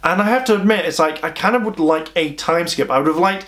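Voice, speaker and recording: A man's voice: a little high, fast talker, fairly bright tone. A man giving a casual, chatty video review of an anime, rambling and exasperated with many restarts.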